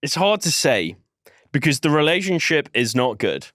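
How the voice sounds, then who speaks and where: A man's voice: a little high, big pitch swings, moderate pace, fairly bright tone, dry recording, studio quality. A man co-hosting a podcast, talking in a laid-back, blunt way with swearing and jokes. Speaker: podcast co-host. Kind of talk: casual political podcast chat.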